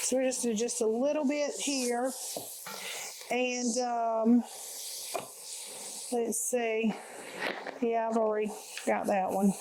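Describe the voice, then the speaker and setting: A woman's voice: fairly high pitch, steady tone, slow, long pauses, background noise. A woman, casually talking viewers through a home cooking recipe in a folksy, chatty way from her kitchen.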